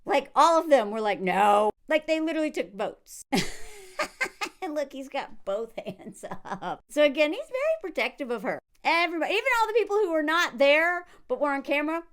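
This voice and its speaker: A woman hosting a casual commentary video, talking in an animated way, laughing often and acting out what others said. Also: sits high, normal speed. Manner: animated, frequent laughs, acts out quotes in character voices.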